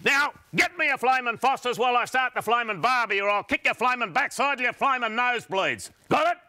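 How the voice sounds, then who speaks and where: An actor playing a short-tempered older Australian soap patriarch teaching acting, with a broad Australian accent and a blustering, insult-heavy way of talking. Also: male voice, medium pitch, very animated, slow, sharp tone, heavily acted. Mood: bellowing. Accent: broad Australian, put on. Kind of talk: sketch comedy.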